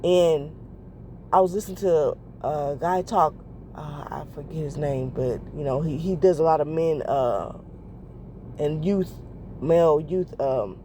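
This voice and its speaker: A woman's voice: deep voice, a little slow, mellow, slight background noise. A woman hosting a podcast in a casual confessional monologue, rambling and correcting herself with lots of fillers. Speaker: podcast host.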